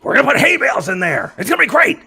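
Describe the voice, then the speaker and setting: A man acting out a frantic, overeager male wrestling booker who pitches ideas in a shrill, rapid, manic rush. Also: huge pitch swings, gravelly, sharp tone, husky, exaggerated voice.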